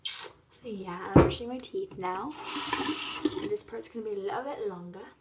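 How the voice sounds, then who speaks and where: Teen girl rambling into the camera at night, lots of so yeah and um, half whispering sometimes, normal pitch. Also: normal speed, very noisy. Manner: rambling, filler-heavy, drifting into half-whispers. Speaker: vlogger. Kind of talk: casual nighttime vlog. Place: at home at night.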